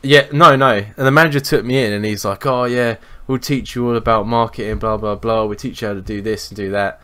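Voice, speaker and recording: A man's voice: fairly low pitch, brisk. Sweary young man telling stories. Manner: sweary, animated anecdotes. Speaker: podcast co-host. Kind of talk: casual storytelling chat.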